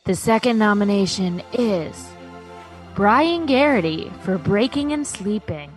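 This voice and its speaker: A woman's voice: medium pitch, expressive, a little slow, soft background music. A woman co-hosting a podcast in casual chat, teasing and laughing often. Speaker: podcast co-host. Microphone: remote call mic.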